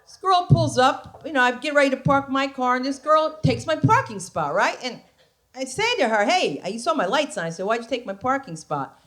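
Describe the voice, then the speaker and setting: On a comedy club stage, a brash woman from New Jersey, USA, does a stand-up set in a high, very animated voice at a moderate pace. She tells stories, acts out quotes, and lands loud punchlines as the audience laughs.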